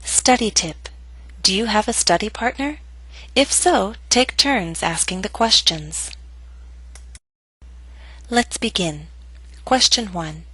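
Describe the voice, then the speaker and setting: Woman teacher, bright husky voice. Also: medium pitch, dry recording, low-quality recording. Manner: slow, clearly enunciated model readings. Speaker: English pronunciation teacher. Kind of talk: scripted instructional narration.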